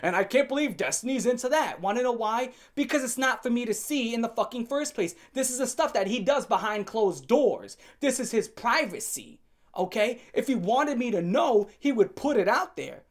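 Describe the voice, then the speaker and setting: A woman hosting an opinion rant to camera, blunt and profane with a sarcastic edge, pushing her points with sharp jumps in pitch and loudness. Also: lively intonation, normal speed. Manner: emphatic, swings up and down in pitch and loudness. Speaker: commentary channel host.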